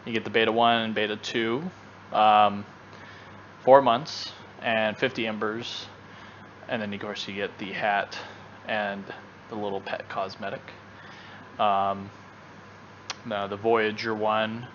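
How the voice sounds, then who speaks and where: A man with a fairly low voice co-hosts a gaming show in loose, casual chat. He rambles and restarts his sentences often. The recording is dull and lo-fi. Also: level tone, takes it slowly, long pauses, a bit bright, a little hiss or hum. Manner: rambling, with many fillers and restarts. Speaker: gaming channel co-host.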